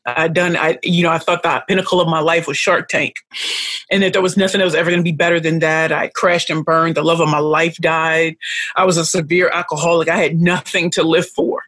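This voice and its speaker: A woman's voice: low-pitched, level tone, fairly quick, a bit bright, dry recording. Emotional woman telling her life story. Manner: emphatic and repetitive, stacks phrases for emphasis. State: emotional, close to tears. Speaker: podcast guest, pitch coach.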